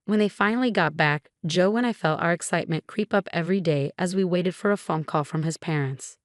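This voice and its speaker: Low-voiced woman narrating a story. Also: a little fast, no room sound, clean studio sound. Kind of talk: scripted first-person story narration.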